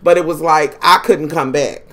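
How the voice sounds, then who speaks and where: Speaking at a normal pace in a low voice, this woman shares a personal story in an animated, casual way. Her swearing never lets up, and she keeps addressing listeners as "honey" and "y'all."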